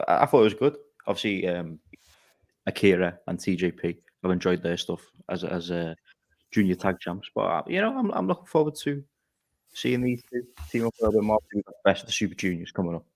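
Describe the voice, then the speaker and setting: A man co-hosts a casual podcast chat. His voice sits low but moves a lot in pitch, and he talks haltingly, repeating words as he finds his point. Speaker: podcast co-host.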